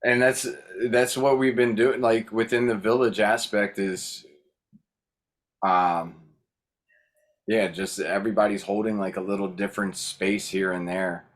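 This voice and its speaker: A man's voice: lowish voice, level tone, unhurried. A man chatting casually on a video call, rambling and hesitant with frequent restarts. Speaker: workshop host.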